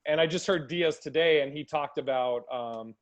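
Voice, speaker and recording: In a muffled recording, this man speaks at a moderate pace with a somewhat high voice. He's hosting a podcast, spinning stories casually and voicing the dialogue he quotes.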